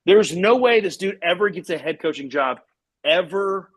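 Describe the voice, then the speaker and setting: A man's voice: high voice, expressive, normal speed. A man from co-hosting a live sports show, talking in a profane, ranting way. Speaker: podcast co-host. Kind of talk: casual sports talk.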